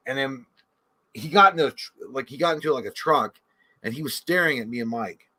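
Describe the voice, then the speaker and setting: A man co-hosting a casual livestream, rambling excitedly with crude slang. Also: medium pitch, brisk, husky. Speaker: podcast co-host.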